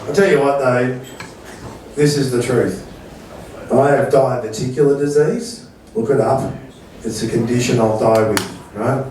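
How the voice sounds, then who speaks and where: A man's voice: medium pitch, measured pace, long pauses, a little mellow, slight background noise. A middle-aged man, hosting a stand-up night with brash, profane, sarcastic banter. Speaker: comedy MC. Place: comedy venue stage. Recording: echoey room from far off with audience. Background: audience laughter.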